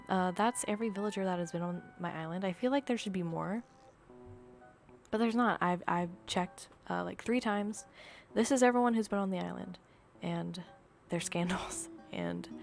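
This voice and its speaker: Tired young woman gaming vlog, low voice with lots of fry, dramatic over-the-top ranting. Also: normal speed, faint music behind. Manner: dramatic, exaggerated rants. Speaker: video creator. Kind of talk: casual gaming vlog chat.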